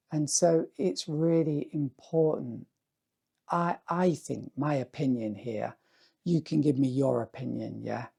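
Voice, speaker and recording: Hoarse, slow-talking man musing. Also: a little high, dark tone. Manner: rambling, musing, often asks "yeah?". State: hoarse, voice going dry. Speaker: artist. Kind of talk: casual talk to camera.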